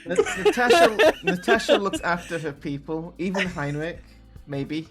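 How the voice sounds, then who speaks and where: A player chats casually at a tabletop role-playing game, throwing in ideas between laughs. The voice rises and falls in a lively, animated pitch. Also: moderate pace, faint music behind.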